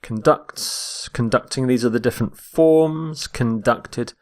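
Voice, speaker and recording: Male English teacher, slow and deliberate, models each word's pronunciation. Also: medium pitch. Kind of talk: vocabulary lesson.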